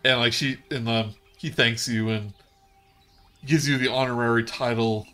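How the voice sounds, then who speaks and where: A man's voice: medium pitch, steady tone, moderate pace, bright, forceful tone. A man narrating a tabletop game as game master, in a loose, rambling way full of fillers.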